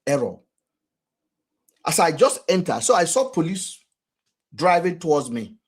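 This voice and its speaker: Husky Nigerian man, animated and high-pitched. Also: unhurried. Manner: animated, rhetorical, acts out quotes. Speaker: vlogger and commentator. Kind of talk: casual commentary.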